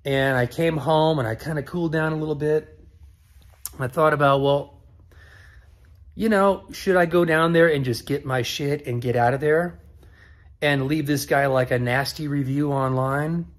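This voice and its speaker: Animated man retelling a tense phone call. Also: fairly high pitch, moderate pace. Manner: animated retelling, acting out both sides of phone calls. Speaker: car-build vlogger. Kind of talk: casual storytelling to camera.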